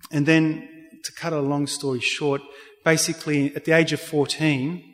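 A man's voice: on the high side, level tone, moderate pace, a bit bright. A man, speaking as an interview guest and telling an earnest personal faith story, with frequent restarts. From Australia. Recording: reverberant hall sound.

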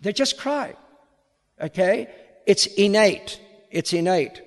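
A high-voiced man with an Australian accent, tinged faintly American, gives an unhurried lecture as a priest. He takes his time and often repeats a word while reaching for the next one. His voice rings out with the long reverb of a hall. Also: expressive. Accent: Australian with a slight American tinge. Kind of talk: public lecture.

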